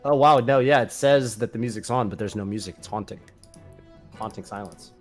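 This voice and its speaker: A man with a lowish voice and a fairly quick pace co-hosts a casual gaming stream, chatty, thinking aloud, and laughing often. Faint music plays underneath.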